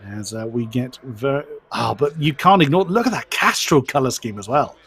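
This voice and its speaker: A man's voice: mid-range voice, lively intonation, normal speed, a bit bright, breathy edge. A man giving live commentary on a sim race. He is chatty and self-deprecating and stumbles over driver names.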